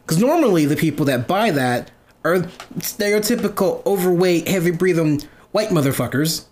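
Animated young man telling stories. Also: moderate pace. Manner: animated, laughs often, voices quoted people with big pitch jumps. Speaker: podcast co-host. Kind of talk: casual storytelling chat. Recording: faint background noise.

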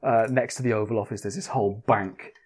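Husky laughing game master. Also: male voice, on the low side, steady tone, a little fast, darkish tone. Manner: laughs often, stammering restarts. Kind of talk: running a comedic tabletop game podcast.

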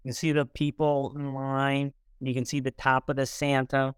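A middle-aged man talks as a podcast guest, earnest and warm, playing out every quoted line as he tells his story. His voice is smooth and resonant. The sound is dry, close to the mic. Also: mid-range voice, little pitch movement, normal speed, no room sound. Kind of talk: conversational storytelling.

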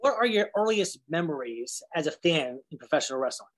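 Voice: mid-range voice, animated, a little fast. A host interviewing guests, asking loose, rambling questions. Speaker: podcast host.

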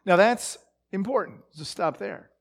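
Male Bible teacher, high voice, slow deliberate delivery, halting with fillers. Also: sing-song. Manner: halting, many fillers and restarts. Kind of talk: sermon-style Bible teaching.

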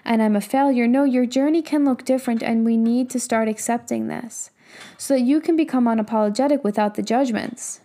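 A woman's voice: on the high side, a little fast, warm tone. A young adult woman, a business and mindset coach, giving a casual motivational talk full of emphatic rhetorical questions and the odd swear word.

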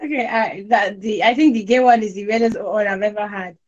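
A woman chatting casually as a podcast guest, telling lively stories. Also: fairly quick, highs cut off. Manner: animated storytelling, jumps high when quoting others. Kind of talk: casual chat.

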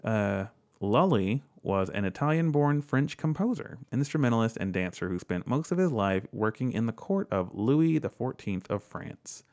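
A man's voice: mid-range voice, expressive, moderate pace, darkish tone. A man co-hosting a casual chat, reading facts aloud and riffing on them in a jokey, offhand way, swearing freely. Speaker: podcast co-host.

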